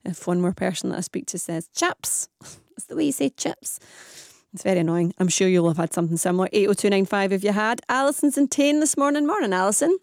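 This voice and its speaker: A woman's voice: medium pitch, fast, few pauses, darkish tone, dry recording, studio quality. A woman hosting a live radio phone-in, chatty and firing questions at listeners.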